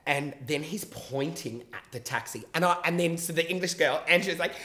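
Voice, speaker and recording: A man telling a long personal story in casual chat on a podcast. He is animated and swears freely, and he acts out the quotes in his story. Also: fairly high pitch, brisk, hardly any pauses, reverberant, noisy background.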